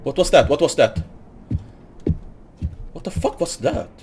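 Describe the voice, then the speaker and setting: With music playing in the background, a gaming host narrates a horror game let's play in an unhurried way, his slightly high voice making huge pitch swings. He's jumpy and nervous, repeating greetings and cursing when startled, while insisting over and over that he isn't scared.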